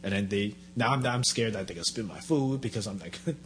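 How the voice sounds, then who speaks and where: A man's voice: fairly low pitch, quick pace. A man chatting casually, acting out voices as he tells stories. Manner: animated storyteller acting out quotes. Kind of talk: casual chat.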